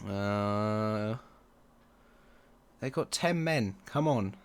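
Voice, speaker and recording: A man commenting on his own football management game, excitable and quick to groan or yell at the match. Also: lowish voice, clear, resonant tone. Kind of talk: let's play commentary.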